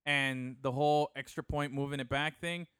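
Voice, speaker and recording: Bright-voiced man in lively sports chat. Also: medium pitch, moderate pace, clear, resonant tone, no room sound, clean studio sound. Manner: animated, swears casually, laughs often. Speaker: podcast co-host.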